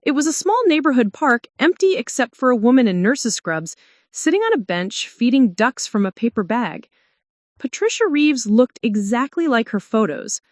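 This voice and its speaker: A woman's voice: dry recording, clean studio sound. Dramatic woman narrating a tense story. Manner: tense, dramatic, swinging pitch. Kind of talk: first-person story narration.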